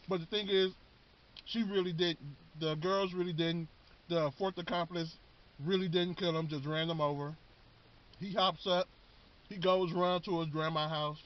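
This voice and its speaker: Guy rambling thru a show recap, slangy, kinda high voice, muffled lo-fi audio. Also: fairly even intonation, normal speed. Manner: rambling, repeats words, slangy. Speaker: vlogger. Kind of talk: casual show recap while eating. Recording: dull lo-fi recording.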